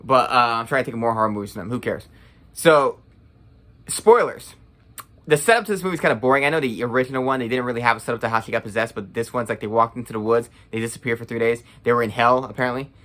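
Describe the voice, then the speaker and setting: Brash young man ranting, bright voice. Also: medium pitch, fast. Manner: blunt, profane, sarcastic. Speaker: movie review vlogger. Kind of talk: casual ranting review.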